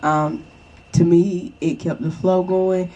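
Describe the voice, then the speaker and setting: A woman's voice: on the low side, level tone, slow pace, dark tone, dull audio. A young woman chatting casually and reassuringly to the viewer, often checking in with "okay?". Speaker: vlogger. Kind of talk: casual advice chat.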